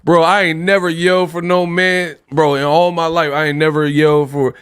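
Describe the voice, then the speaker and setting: A man's voice: fairly high pitch, flat delivery, moderate pace, fairly bright tone, clean tone, dry recording, clean studio sound. A young man hosting a casual boxing livestream, joking around and laughing often. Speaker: livestream host.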